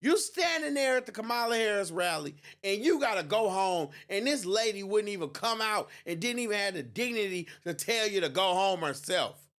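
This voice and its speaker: A man's voice: high voice, animated, moderate pace, few pauses, a bit bright. A man hosting a political livestream, talking in a gloating, mocking way and laughing often. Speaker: livestream host. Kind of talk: election night livestream commentary.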